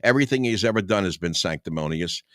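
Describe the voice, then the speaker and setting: An older man with a low voice reads his own satire aloud, breaking off for sharp, combative asides. His delivery is sarcastic and chuckling, and the sound is dry and close to the mic. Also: lively intonation, fast, no echo. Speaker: radio talk host.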